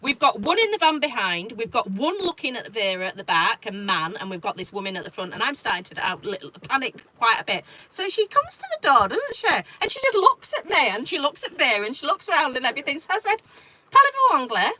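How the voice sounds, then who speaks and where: A woman's voice: fairly high pitch, fast, hardly any pauses, a little hiss or hum, poor audio. A woman with an English accent hosting a show, telling stories in casual chat and reading viewer comments aloud. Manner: animated storyteller, reads viewer comments aloud. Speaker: show host.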